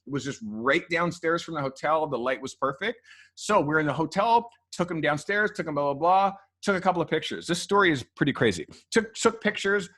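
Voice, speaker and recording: Animated storytelling man, slightly high. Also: breathy edge. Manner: animated, swears freely, acts out quotes. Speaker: photographer guest. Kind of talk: casual storytelling. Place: podcast studio.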